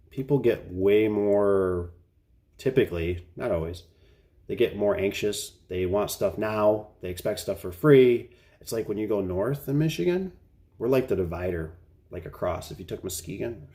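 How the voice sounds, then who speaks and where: A man's voice: on the low side, warm tone. A middle-aged man who runs a garage door business, chatting casually to camera about a frustrating job in a rambling, exasperated way.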